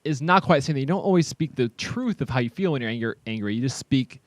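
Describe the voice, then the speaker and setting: Fast-talking male co-host. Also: medium pitch, expressive, no room sound. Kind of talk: casual chat.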